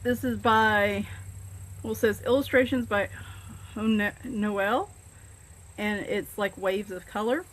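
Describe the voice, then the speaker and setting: Southern woman host, unhurried, mid-pitched, chatty and self-deprecating. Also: slight background noise. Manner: rambling, self-deprecating, many fillers. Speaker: coloring book channel host. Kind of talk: casual chat showing books.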